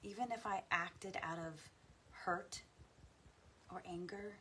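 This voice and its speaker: A woman leads a guided tapping meditation, her voice low for a woman and her delivery unhurried and soft. She breathes out deep sighs between gentle affirmations. A faint hiss sits under the recording. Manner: slow, soft and soothing, with frequent deep sighs. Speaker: guided tapping practice leader.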